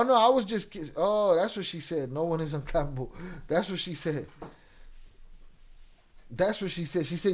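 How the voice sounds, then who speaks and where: A laid-back, profane man hosting a livestream. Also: a little high. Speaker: livestream host. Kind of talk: casual chat with live viewers.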